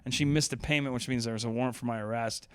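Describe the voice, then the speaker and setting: A man's voice: medium pitch, steady tone, very fast, smooth, no echo. A young man casually telling a long personal story as a podcast host, rambling with lots of fillers and laughing as he goes.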